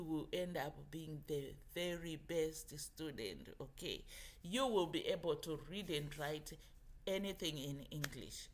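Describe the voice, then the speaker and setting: Woman teacher doing a kids phonics lesson, real slow and patient, bright clear voice. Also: on the low side. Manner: slow, patient, encouraging, spells words out. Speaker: English teacher. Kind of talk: online phonics lesson for children.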